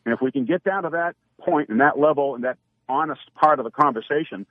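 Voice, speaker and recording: Over a tinny, dry phone connection, a radio talk show caller from Massachusetts speaks fast in a voice on the high side, with no room sound. He's heated and keeps stumbling over his words and starting again.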